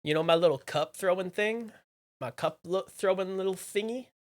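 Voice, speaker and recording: Chatting live and teasing viewers, a livestreamer uses a mid-range voice that lurches between low mumbled asides and sudden loud exclamations, echoing phrases as quick remarks to chat.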